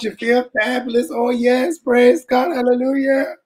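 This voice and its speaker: High-voiced man preaching with fire. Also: measured pace. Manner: animated, calls out to listeners, often shouts for emphasis; colloquial, calls listeners "baby" and "y'all". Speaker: speaker addressing a church audience. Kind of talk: impassioned preaching-style talk.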